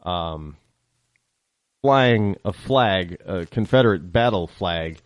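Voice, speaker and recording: A man from the northern United States hosting a podcast, telling stories in a rambling, animated casual monologue. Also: low-pitched, slow, dry recording. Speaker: podcast host.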